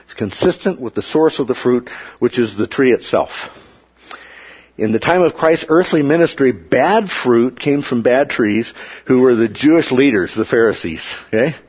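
A man teaching a Bible study lecture in a plain, measured way, often checking in with his listeners. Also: medium pitch, animated, husky. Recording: dull lo-fi recording.

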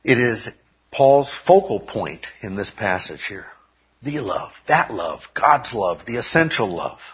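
Speaking in a lowish, slightly rough voice, a man preaches to his church congregation in an unhurried yet very animated way. His teaching proceeds step by step with frequent "okay?" check-ins, captured on a dull lo-fi recording.

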